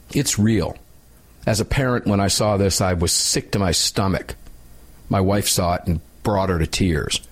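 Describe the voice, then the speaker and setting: A man's voice: lowish voice, breathy edge. A man with an American accent hosting a radio talk show, telling a story in an emphatic, indignant way. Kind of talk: impassioned radio commentary.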